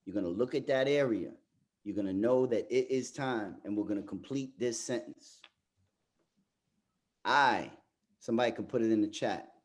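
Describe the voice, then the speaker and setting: A man leading a motivational group coaching session over a video call, talking straight to the group as a lively storyteller. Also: lowish voice, moderate pace, pauses often. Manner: animated storyteller, addresses the group directly. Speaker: workshop facilitator.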